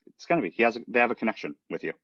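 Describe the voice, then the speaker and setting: A man's voice: mid-range voice, animated, racing, fairly bright tone, breathy edge, no echo, dull audio. A man giving a casual training talk on recruiting, chatty and often checking in with the listener. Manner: chatty, leans on "right?" and "um" as he talks. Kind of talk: casual presentation.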